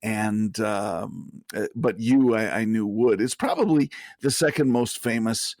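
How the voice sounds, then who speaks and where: An older man rambles through a relaxed podcast chat. He chuckles often and his voice swings lively in pitch. The sound is close and dry. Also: unhurried, dry recording. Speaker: podcast co-host. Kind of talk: casual chat.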